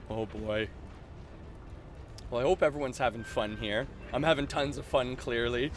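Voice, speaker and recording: A Canadian man giving live commentary on his own gameplay, excitable and quick to laugh, shouting at big plays. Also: medium pitch, background noise. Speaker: streamer. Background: game music.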